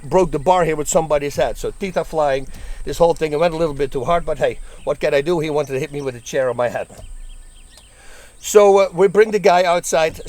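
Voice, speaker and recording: A middle-aged man from the Netherlands telling lively stories about his days as a bouncer, laughing as he goes. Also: a little high, no room sound. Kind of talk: casual storytelling.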